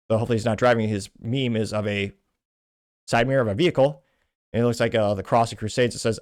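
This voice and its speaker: Male podcast host, mid-range voice, quick scornful delivery, dry booth sound. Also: medium pitch, dry recording. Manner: brisk, scornful commentary between read-out quotes. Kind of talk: reading out and commenting on social media posts.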